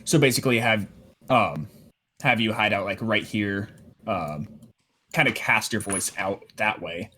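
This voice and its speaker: A man playing a tabletop game, thinking his plan through aloud with many pauses and fillers. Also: lowish voice, pushed and bright, slight background noise. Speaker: player. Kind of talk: casual tabletop planning talk.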